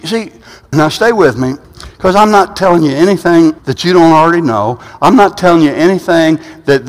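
High-voiced male pastor preaching in a reverberant hall. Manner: storytelling with many restarts and repeated words. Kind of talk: sermon. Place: church sanctuary. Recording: long reverb of a large hall.

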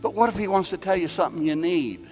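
A man preaching a sermon as pastor, folksy, repeating his phrases and swinging from loud to hushed. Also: high-pitched, expressive, quick pace. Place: church sanctuary. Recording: long reverb in a church hall with soft music behind.

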